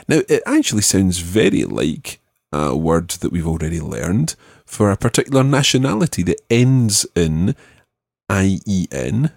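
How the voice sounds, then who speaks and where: A male language teacher leading a spoken lesson, patiently modelling words slowly and clearly. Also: low voice, darkish tone, no room sound, clean studio sound.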